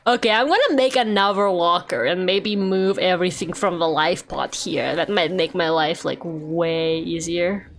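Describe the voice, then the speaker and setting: A woman's voice: on the low side, normal speed, hardly any pauses, slight background noise. A young woman from Russia streaming a game, talking casually and chattily with lots of fillers and frequent laughter. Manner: chatty, rambling, filler-heavy, laughs often. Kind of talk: casual gameplay chat.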